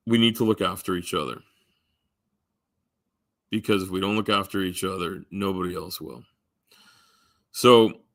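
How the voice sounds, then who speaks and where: A man's voice: low-pitched, a bit bright, no echo. A man rambling casually to his live stream chat, full of ums, restarts and offhand swearing.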